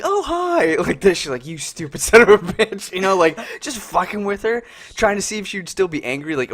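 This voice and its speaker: A man's voice: a little high, fairly bright tone. Rambling young man telling stories. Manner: rambling storyteller, heavy filler words, acts out quotes. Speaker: podcast co-host. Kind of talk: casual chat.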